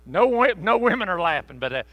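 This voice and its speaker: A man preaching a sermon in a conversational, joking way, slowing down to stress key phrases. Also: sits high, very animated, sharp tone, no echo. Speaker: pastor.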